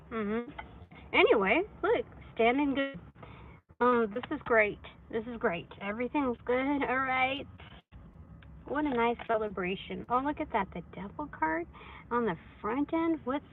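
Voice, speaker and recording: A woman's voice: fairly high pitch, phone-quality sound, slight background noise. A woman reading tarot cards on a casual phone livestream, rambling and chatty with lots of fillers, in a hot room. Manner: chatty, rambling, filler-heavy, laughs often.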